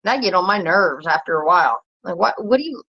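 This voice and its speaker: Solo woman vlogger, blunt cussing rant, pitch jumps when heated, muffled lo-fi sound. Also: animated, brisk. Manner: blunt, profane, rambling, rising pitch when worked up. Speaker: commentary vlogger. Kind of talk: casual ranting commentary.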